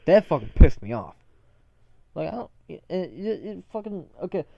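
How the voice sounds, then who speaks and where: At normal speed, a young man with a highish, dark-toned voice and some vocal fry rants very animatedly as a podcast co-host, swearing and jumping between stories. The recording is dry, dull and lo-fi.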